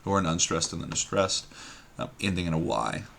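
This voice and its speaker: A man with a lower voice and a bright, forceful edge talks himself through a word puzzle, repeating words under his breath and trailing off mid-thought. Faint keyboard typing and a soft room hum sit behind him. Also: lively intonation, brisk, gravelly. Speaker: puzzle game streamer. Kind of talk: thinking aloud while solving a word puzzle.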